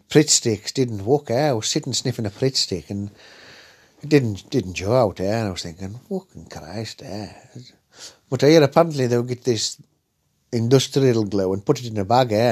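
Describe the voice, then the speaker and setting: Guy with a husky voice rambling through a crude funny story, keeps saying eh. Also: medium pitch, mellow. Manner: crude rambling anecdote, tags lines with "eh?". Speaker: comic storyteller. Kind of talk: comic monologue.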